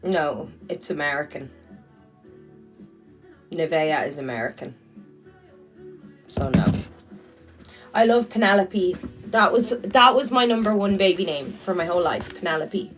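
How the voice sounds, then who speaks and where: Irish woman, lowish voice, casual blunt livestreamer on a phone, faint music behind. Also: animated, measured pace, long pauses, far from the mic, low-quality recording. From Ireland. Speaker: livestream host. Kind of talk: casual livestream chat reading comments.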